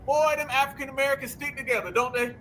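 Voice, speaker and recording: Animated high-voiced male commentator. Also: fast talker, a little hiss or hum. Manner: animated, sarcastic, slangy. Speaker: host. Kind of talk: political commentary show.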